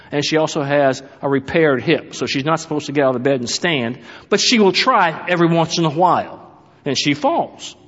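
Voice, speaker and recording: A man's voice: on the high side, fairly bright tone. A middle-aged man, a pastor, preaching a sermon to his church and telling a humorous story from home. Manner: storytelling with humor, talks to the congregation. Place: church sanctuary. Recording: echoey hall, dull lo-fi sound.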